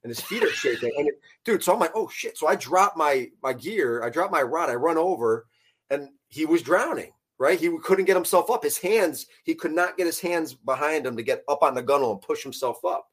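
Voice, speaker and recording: A man casually telling a fishing story, animated and profane, laughing as he goes. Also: on the high side, fairly quick, slightly rough.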